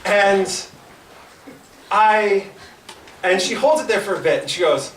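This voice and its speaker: A young male comedian at an open mic in a small comedy club tells a story in a high, animated voice, stammering and restarting often. With no microphone, he's recorded from across the room, so the sound is distant, roomy and echoey. Audience laughter and some background noise fill the space.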